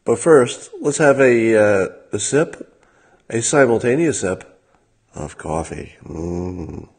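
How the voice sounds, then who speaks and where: A man hosting a livestream, talking in a casual monologue with a dry, sardonic manner and frequent halting fillers. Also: fairly low pitch, expressive, darkish tone, breathy edge. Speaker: livestream host.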